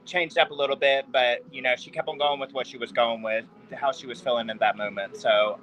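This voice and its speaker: A man's voice: mid-range voice, steady tone, brisk, a bit bright, slight background noise, rough recording. A man co-hosting a casual podcast who speaks hesitantly, leaning on lots of fillers and mostly agreeing. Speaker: podcast co-host. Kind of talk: casual chat.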